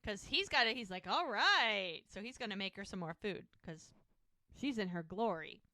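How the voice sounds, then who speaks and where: A woman co-hosting a podcast retells TV scenes in casual conversation, quoting the characters' lines. Her mid-range voice has lively intonation, a moderate pace, and a bright, forceful tone. The recording is dry and clean, with studio sound.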